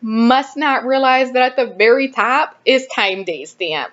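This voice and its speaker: Animated young woman, lo-fi recording. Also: fairly high pitch, unhurried. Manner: animated, acts out quoted dialogue. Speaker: graduate student vlogger. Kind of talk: casual storytelling to camera. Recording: dull lo-fi recording.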